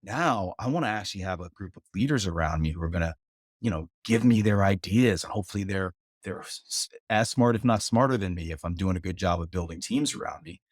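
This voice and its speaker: Low-voiced man speaking reflectively. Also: animated, brisk, no echo, studio quality. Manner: reflective, repeats and restarts words while thinking. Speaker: author and guest. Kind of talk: casual conversation. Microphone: studio mic.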